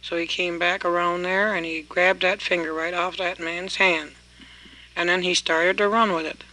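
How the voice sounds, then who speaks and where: A man telling a traditional folk tale in a folksy, unhurried way, often repeating "he says". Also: high-pitched, level tone, bright, forceful tone, poor audio. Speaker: storyteller.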